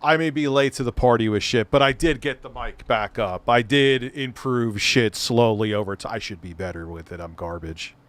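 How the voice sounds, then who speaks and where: A man's voice: mid-range voice, normal speed, hardly any pauses, fairly bright tone. A middle-aged man hosting a live stream, reacting to a clip with casual, mocking, profane commentary.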